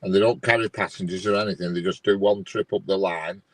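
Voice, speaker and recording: A man's voice: sits low, steady tone, fast, a bit bright, no room sound, rough recording. A man, chatting casually on a live stream with many restarts, sounding bemused as he checks train diagrams. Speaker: co-host watching live train feeds.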